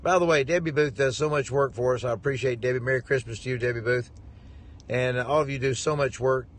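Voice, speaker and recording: A man's voice: mid-range voice, steady tone, fast talker. A man, a preacher, telling a rambling, jovial story to his viewers with lots of chuckling. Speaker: preacher and ministry head.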